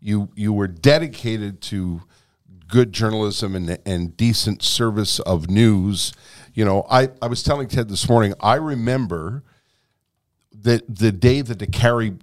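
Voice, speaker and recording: Low-voiced agreeable male host. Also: unhurried. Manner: agreeable, frequent backchannel "right". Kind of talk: casual interview chat.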